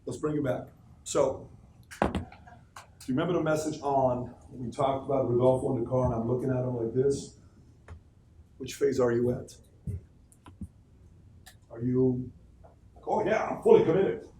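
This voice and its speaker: A man speaks to an office crowd in an animated, emphatic way, firing questions at the room. His voice sits at an ordinary pitch and echoes off the walls. It is picked up from a distance, with faint noise behind it. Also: measured pace, long pauses. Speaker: motivational speaker addressing a team. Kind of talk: live motivational talk to an office crowd. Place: office meeting space. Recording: echoey room, recorded from far off.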